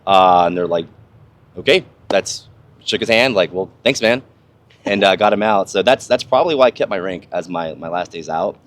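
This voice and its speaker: A man's voice: sits low, moderate pace. A young man, a former soldier, talking casually and profanely on a podcast, rambling through stories with lots of fillers. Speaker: podcast host, army veteran. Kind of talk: casual conversation.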